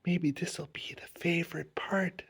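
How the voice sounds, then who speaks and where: A man voicing an excitable young schoolboy who often whispers, in a children's storybook read-aloud. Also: extremely high pitch, a little slow, pitched above the performer's own voice, heavily acted. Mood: eager. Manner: often whispering, wide-eyed and eager.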